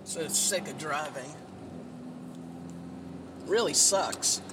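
A man's voice: on the high side, very slow. A tired, sleepy man rambling in a casual monologue, swearing often and full of fillers while he drives. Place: inside a car while driving. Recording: road and engine noise in a car. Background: vehicle noise.

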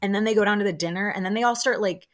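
A young woman hosting a podcast, chatting excitedly about a show with lots of fillers and quick quoted reactions. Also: mid-range voice. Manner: chatty, excitable, lots of "like" fillers, quoting people in lively bursts. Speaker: podcast host. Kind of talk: casual solo recap chat.

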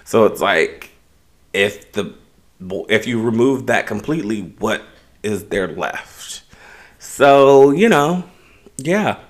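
Podcast cohost guy, lowish voice, chill recapping. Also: lively intonation, slow pace, long pauses. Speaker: podcast co-host. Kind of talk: casual chat.

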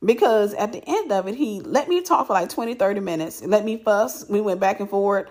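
A woman telling a personal story in casual chat, animated and repeating herself for emphasis. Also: medium pitch, fairly quick.

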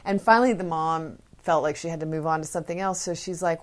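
A woman's voice: low-pitched, steady tone, fast, few pauses. A woman parenting educator chatting casually, retelling stories with fillers. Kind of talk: casual storytelling talk.

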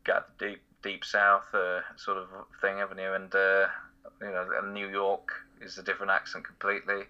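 A man from Essex talks casually in a low, very forceful and tense voice, rambling with fillers and little chuckles. The recording sounds a bit dull and lo-fi. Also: monotone, moderate pace, clear, resonant tone. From Essex, outside London. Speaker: voice impressionist guest. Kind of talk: casual conversational interview.

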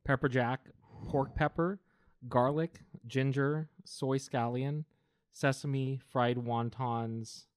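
A young man talks slowly in a relaxed, teasing tone during a casual chat. His voice sits in a middle range, and the recording is dry and close. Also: mid-range voice, smooth, no echo. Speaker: podcast co-host.

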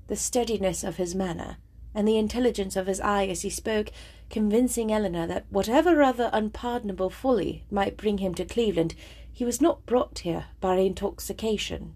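Husky woman reading a classic novel. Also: mid-range voice, moderate pace, warm tone. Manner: chatty, self-deprecating, eager. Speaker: audiobook reader. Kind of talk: casual intro then novel narration.

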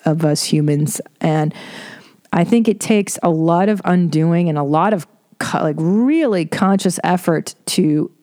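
A woman's voice: fairly low pitch, unhurried, mellow. Candid, profane woman podcast host. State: tearful. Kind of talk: casual monologue.

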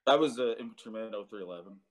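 A man's voice: lowish voice, rapid-fire. A man in his thirties, a Marine veteran, telling his story in a casual interview with many fillers and some cursing.

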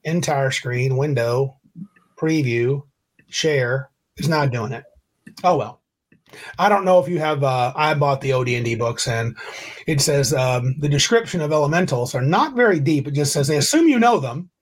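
A man's voice: mid-range voice, expressive, moderate pace. A man hosting a casual tabletop game podcast over a video call, rambling and correcting himself as he reads rules aloud. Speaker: podcast host.

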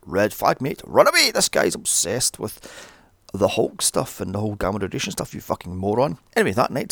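A man's voice: medium pitch, gravelly, no room sound. A man recapping a film in a sweary, sarcastic rant, picking holes in the plot. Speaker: film reviewer.

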